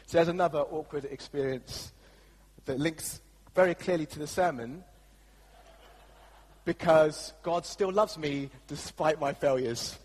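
A man's voice: fairly high pitch, measured pace, long pauses, a little mellow, slightly rough, long reverb tail, low-quality recording. An English man preaching a sermon as the church pastor, telling a story in a chatty, anecdotal way with frequent fillers. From England.

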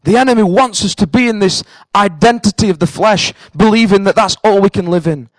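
At a church in Cambridge, a pastor from northern England with a Northern English accent delivers his sermon in a high-pitched voice, a little fast. Earnest and direct, he keeps repeating himself for emphasis. The audio is low quality, without echo.

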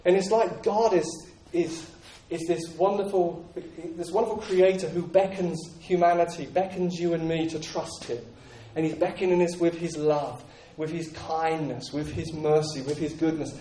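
A man's voice: fairly high pitch, fairly even intonation, moderate pace, hardly any pauses, dark tone, slight background noise. A man preaching a sermon in an earnest, repetitive way with frequent restarts. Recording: echoey room, voice from a distance.

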